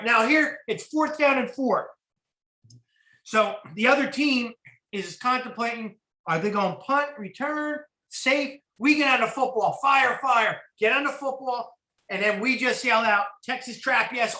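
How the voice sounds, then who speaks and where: A middle-aged football coach with a New Jersey accent, breaking down plays in a clinic talk, animated and blunt, swearing casually. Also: male voice, very high voice, echoey room, poor audio. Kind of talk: clinic talk over game film.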